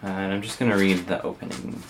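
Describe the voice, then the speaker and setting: A young man from Canada speaks in a low, unhurried voice, his accent clear in each word. He talks casually and hesitantly, stopping often on little fillers as he works through a list. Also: steady tone, a little hiss or hum. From Windsor, Ontario, Canada. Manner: hesitant, frequent uh fillers, soft-spoken. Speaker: vlogger. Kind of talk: casual accent challenge reading.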